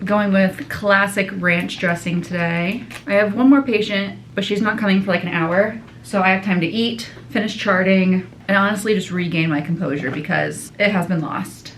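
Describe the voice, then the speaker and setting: A woman's voice: medium pitch, normal speed, hardly any pauses, slight background noise, rough recording. A woman, a dietitian, chatting casually to her viewers in a day-in-the-life vlog. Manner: chatty, talks straight to viewers. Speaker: outpatient dietitian vlogger.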